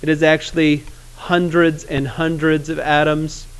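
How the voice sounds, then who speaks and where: A man teaching chemistry in a classroom, casual and joking, with awkward pauses. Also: on the high side, flat delivery, clear, resonant tone. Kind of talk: classroom lecture.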